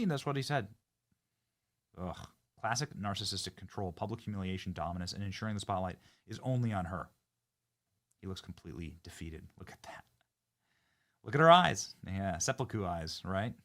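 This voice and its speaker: Reacting to a clip on his commentary show, a low-pitched man turns mocking and indignant. He flips from loud outbursts to quiet, muttered asides as the host of this political program.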